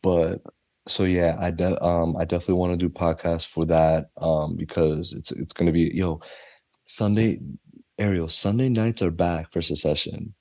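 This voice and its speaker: A man hosting a podcast in loose, slangy casual chat, excitable and quick to laugh. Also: low-pitched, no room sound, studio quality. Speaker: podcast host. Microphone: desk mic.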